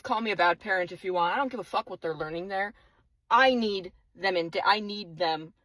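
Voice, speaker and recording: A young mother vents in a furious, profane vlog rant, swearing and circling back to the same complaints. Her voice is husky and slightly breathy. It sounds dry and close, with no room around it. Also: medium pitch, fairly bright tone, no echo, rough recording. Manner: profane, exasperated ranting with repeated outbursts. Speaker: single mother of five.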